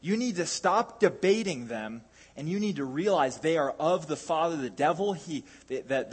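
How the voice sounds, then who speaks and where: A man's voice: a little high, breathy edge. A man preaching a sermon in a conversational way, with jokey asides and frequent restarts.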